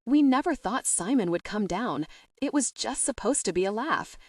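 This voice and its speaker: A woman's voice: on the high side, animated, normal speed, a little mellow, dry recording, recorded from a distance, pitched above the performer's own voice. Woman reading as an awkward young office coworker. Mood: hesitant. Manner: hesitant and awkward.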